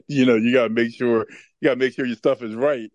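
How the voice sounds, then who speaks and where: An animated storytelling podcast host. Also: male voice, mid-range voice, brisk, no room sound, muffled recording. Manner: animated storyteller who laughs often. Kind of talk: casual chat and storytelling.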